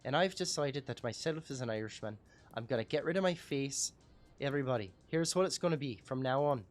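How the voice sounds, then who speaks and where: A man's voice: medium pitch, expressive, a little fast, faint music behind. A man hosting a casual livestream talk show, rambling, profane and self-mocking.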